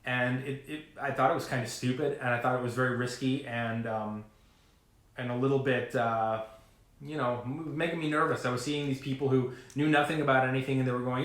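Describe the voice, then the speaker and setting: Guy ranting about stocks to his camera, rambly and animated, lots of ums, kinda echoey room. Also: medium pitch, a little fast. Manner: rambling, animated, with many fillers and asides. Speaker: finance vlogger. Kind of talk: casual talking-to-camera rant.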